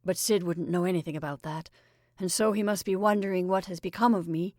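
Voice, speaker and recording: A woman's voice: fairly low pitch, steady tone, brisk, darkish tone, no room sound, clean studio sound, natural voice. A woman voicing a jolly middle-aged male stage actor who talks in an exuberant, rambling, confiding way.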